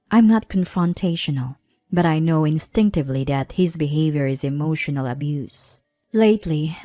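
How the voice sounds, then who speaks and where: A woman in her thirties narrating a personal story in a measured, plaintive way. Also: low voice, mellow, no echo. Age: 30s.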